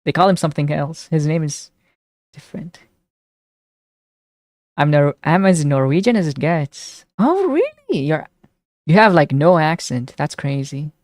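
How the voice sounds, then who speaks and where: A young woman live streamer chatting casually with her viewers, reading their messages aloud and reacting excitedly. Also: sits low, moderate pace, long pauses, dry recording, clean studio sound. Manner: chatty, reads chat aloud and answers it, excitable.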